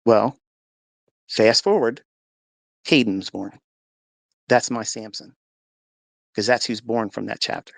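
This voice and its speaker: A man's voice: medium pitch, measured pace, vocal fry, long pauses, dry recording. A man telling an emotional personal testimony in an earnest storytelling way, acting out the dialogue. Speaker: speaker sharing a testimony.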